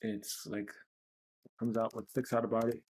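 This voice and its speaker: A man with a husky, somewhat breathy voice hosts a livestreamed self-help session. He talks bluntly and swears freely, venting with raw emotion straight into a close mic. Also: fairly low pitch, flat delivery, normal speed, a little mellow. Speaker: host of a tapping session.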